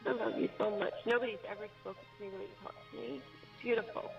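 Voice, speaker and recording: A woman's voice: mid-range voice, steady tone, rapid-fire, creaky. A woman speaking emotionally and pleadingly to her fiance on a jail phone call. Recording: muffled phone recording with faint music.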